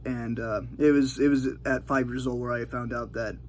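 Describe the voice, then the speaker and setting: A man's voice: medium pitch, steady tone, normal speed, a little hiss or hum. A man casually telling a childhood story in a rambling way, with many fillers and restarts.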